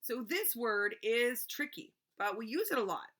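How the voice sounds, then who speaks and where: A woman teacher giving a remote reading lesson to young children, patiently sounding words out slowly letter by letter. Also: on the high side, very animated, a bit bright.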